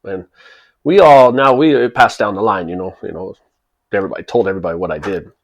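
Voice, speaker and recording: A fast-talking man in his forties with a fairly low voice, hosting a channel and sharing a personal story. He keeps it casual and chatty, chuckling and acting out the people in the anecdote as he goes.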